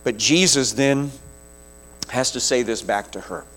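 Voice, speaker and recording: A man preaching a sermon, retelling a scripture story vividly with slow, deliberate phrasing. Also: medium pitch, fairly bright tone.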